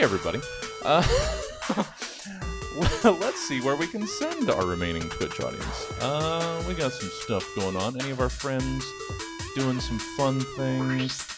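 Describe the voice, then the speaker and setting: A man closes a comedy theater livestream in a loose, rambling way, full of fillers. His pitch swings wildly, and music plays clearly behind him. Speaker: theater host. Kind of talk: livestream sign-off.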